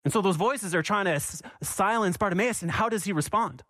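Guy preaching a sermon, fairly high voice, keeps repeating lines, asks the crowd stuff. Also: fairly quick, a bit bright, no echo, studio quality. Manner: passionate, repeats for emphasis, asks the congregation questions. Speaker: pastor.

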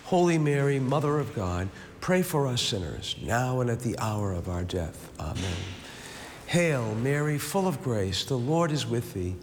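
Male prayer leader, measured rosary recitation, reverberant room, light background noise. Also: mid-range voice. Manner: steady rhythmic recitation, falling on each amen; slow reflective speaking in the meditation. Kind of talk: leading a recited rosary with a meditation. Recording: long reverb, faint background hiss.

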